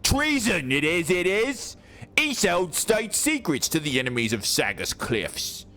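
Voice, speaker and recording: A man's voice: high voice, big pitch swings, measured pace, sharp tone, pitched above the performer's own voice, full character voice. A man voicing a stout, middle-aged male city official in a game, pompous and officious, with a put-on accent. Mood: indignant.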